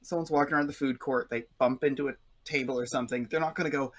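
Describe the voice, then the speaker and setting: A man's voice: medium pitch, steady tone, fast talker. Man running a tabletop game, chatty. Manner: rambling storyteller, acts out voices. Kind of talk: casual chat between players.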